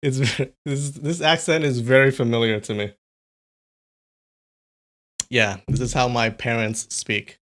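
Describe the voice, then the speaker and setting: A man's voice: medium pitch, steady tone, measured pace, long pauses, a bit bright. Chatty man hosting a live stream. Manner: chatty, amused, talks to chat. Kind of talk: casual live-stream chat.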